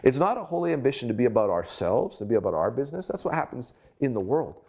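A man's voice: mid-range voice, very animated, quick pace, a little mellow, muffled recording. A middle-aged man, a pastor, giving a conversational devotional sermon with personal stories and acted-out quotes. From Canada. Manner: conversational, storytelling, acts out quoted voices.

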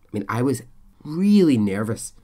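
A man's voice: mid-range voice, big pitch swings, moderate pace, mellow. A middle-aged man hosting a podcast, talking in a candid, chatty, self-questioning way. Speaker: podcast host. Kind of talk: casual podcast monologue.

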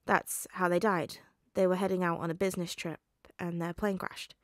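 A woman's voice: fairly low pitch, level tone, moderate pace, no room sound, clean studio sound, natural voice. A woman reading a fan story aloud, voicing a nervous, grieving teenage boy who hesitates and trails off with ums.

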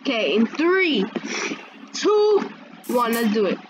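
Woman gameplay commentator, higher voice, unhurried, loud game sounds over her. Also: very noisy. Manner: excitable, breaks into high panicked yelps. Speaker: gameplay video creator.

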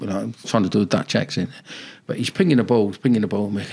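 A man's voice: lowish voice, very fast, gravelly, mellow, slightly rough. An older man, a former football manager, telling rambling anecdotes in a casual interview.

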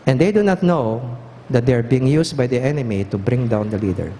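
A man's voice: mid-range voice, animated, brisk, warm tone. A pastor preaching a sermon, asking the congregation pointed questions and driving home his points. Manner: questioning, emphatic, engages the congregation. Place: church hall. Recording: echoey church hall, faint noise.

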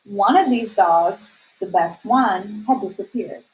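A woman's voice: mid-range voice, slow, rough recording. Woman reading a novel aloud. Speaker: reader.

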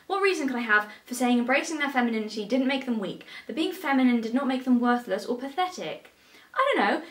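A woman's voice: on the high side, a bit bright. Sarcastic English woman, roomy distant mic. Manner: sarcastic, mocking questions. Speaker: commentary YouTuber. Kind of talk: commentary rant.

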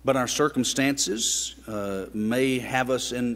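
A man's voice: mid-range voice, unhurried, hardly any pauses, fairly bright tone. A man preaching a sermon in a church, earnest and building up to emphatic rhetorical questions. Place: church sanctuary. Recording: long reverb of a church sanctuary.

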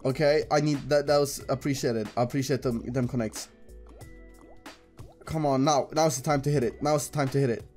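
A young man giving casual, excitable commentary while gambling, swearing and talking to the game. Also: medium pitch, fairly quick, faint music behind. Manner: excitable, swearing, talks to the screen. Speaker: gambling streamer. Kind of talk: casual live slot commentary.

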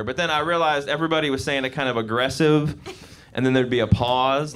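A young man performing a live stand-up comedy set on a club stage, animated and slipping into voices for his bits. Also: a little high, quick pace. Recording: live club recording with audience noise. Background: audience laughter.

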